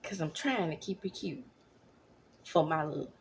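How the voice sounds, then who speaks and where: A woman in her thirties giving casual commentary at home, animated, now and then dropping into whispers. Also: deep voice, normal speed, long pauses, slight background noise. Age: 30s. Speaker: vlogger. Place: home, at night.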